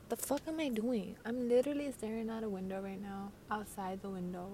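Congested young woman host, loose slangy podcast ramble, faint hiss behind. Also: medium pitch. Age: teens. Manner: rambling, slangy, swearing, giggly. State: congested from a cold. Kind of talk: casual late-night monologue. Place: by a window at night.

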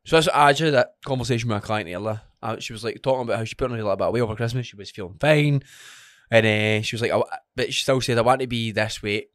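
A blunt, sweary man who co-hosts a casual fitness podcast as a coach. His voice sits at a mid pitch and sounds dry and close. He often chimes in with short agreeing replies. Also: fairly even intonation, racing, few pauses, a bit bright, dry recording.

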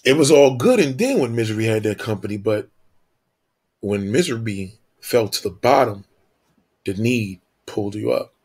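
A man's voice: on the low side, lively intonation, moderate pace, a little mellow, slightly rough. A man telling a preachy story in a profane, emphatic way, repeating his points.

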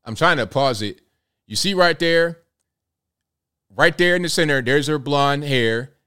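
A man's voice: on the high side, expressive, unhurried, pushed and bright, clean tone. A man in his thirties hosting a casual commentary show, chatty and incredulous as he talks through a clip. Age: 30s. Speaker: host.

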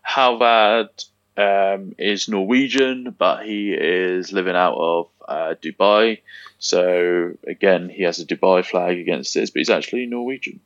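A man's voice: low voice, measured pace, no echo, lo-fi sound. A man co-hosting a casual podcast, reading out race results with lots of ums and easy laughs. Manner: relaxed, hesitant, many ums, laughs easily. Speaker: podcast co-host.

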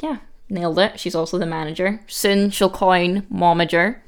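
A woman co-hosting a podcast, recapping a reality show in casual chat with a dry, joking manner and quick quoted lines. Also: fairly low pitch, steady tone, smooth. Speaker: podcast co-host.

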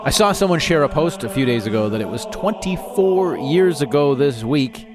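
A man's voice: fairly high pitch, lively intonation, moderate pace, over music. A middle-aged man hosting his own podcast, rambling through candid stories and laughing at himself. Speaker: podcast host. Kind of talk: casual monologue.

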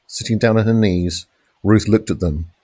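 A man reads a police thriller in steady, dramatic narration. His voice sits on the low side and sounds dry and close, with no room around it. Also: slightly rough, no echo. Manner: measured, dramatic crime reading with shouted police lines. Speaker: audiobook narrator. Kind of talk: scripted narration.

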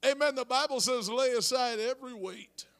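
Pastor, male, high voice, conversational sermon with loud peaks. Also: normal speed, clean tone. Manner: rising to shouted preaching; talks to congregation with asides.

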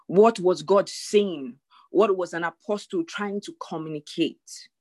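A woman's voice: fairly low pitch, measured pace, no echo. Earnest woman pastor. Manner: earnest, emphatic, repeats key phrases. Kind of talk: sermon.

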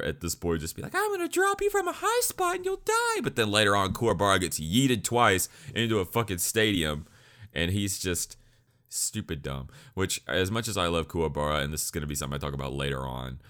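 A man's voice: rumbling low, a bit bright. A man rambling casually through an anime review, joking and swearing as he goes.

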